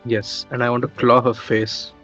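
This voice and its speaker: A man playing a tabletop game, calling out rolls and asking quick questions, with fillers. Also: mid-range voice, level tone, a bit bright. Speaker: player. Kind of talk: casual tabletop game play. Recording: dull sound, faint music.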